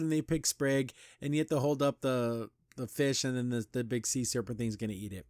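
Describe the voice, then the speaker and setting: A man's voice: medium pitch, fairly even intonation, moderate pace, hardly any pauses, dry recording. Man recapping an episode casually, dry sound. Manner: loose retelling with frequent "like" and restarts. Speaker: podcast host.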